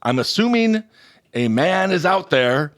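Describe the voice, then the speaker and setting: A man's voice: high voice, big pitch swings, measured pace. A man hosting a podcast, chatting about the news in a crude, joking way, trailing off with fillers. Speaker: podcast host. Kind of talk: casual news chat.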